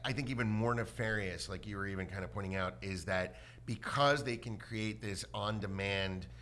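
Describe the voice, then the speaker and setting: Male podcast co-host, lowish bright voice, anecdotal, does quick voices in his stories. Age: adult with a son. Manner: storytelling, acts out voices in quotes. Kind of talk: casual panel chat.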